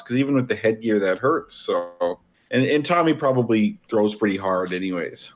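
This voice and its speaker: A man's voice: on the low side, normal speed. A man as guest co-host of a podcast, casually explaining boxing while discussing a film. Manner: relaxed, explains boxing plainly.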